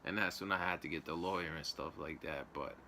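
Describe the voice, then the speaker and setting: A man's voice: a bass voice, fairly quick, pushed and bright, slight background noise. A young man tells a story in a loose, streetwise way and keeps dropping in "man" and "you know". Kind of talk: casual storytelling.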